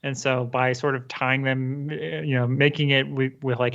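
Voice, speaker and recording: A man's voice: mid-range voice, little pitch movement, normal speed, creaky, a bit bright. Easygoing man, muffled podcast sound. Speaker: podcast co-host. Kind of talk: casual comic book podcast chat.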